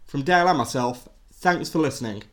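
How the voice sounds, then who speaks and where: A man's voice: medium pitch, lively intonation, brisk, a bit bright. A man hosting a podcast, reading an upbeat scripted outro. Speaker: podcast host.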